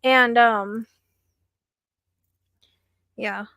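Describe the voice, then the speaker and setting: A woman's voice: a little high, fairly even intonation, drawn-out words, gravelly, sharp tone, smooth, no room sound. A young woman hosting a late-night psychic live stream from home, rambling with lots of fillers and sounding a little anxious.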